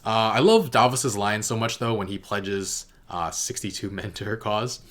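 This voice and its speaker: A man's voice: on the low side, animated, normal speed, sharp tone. A man giving a casual spoken review of a TV episode, rambling and hesitant with many fillers and self-corrections. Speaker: TV reaction reviewer.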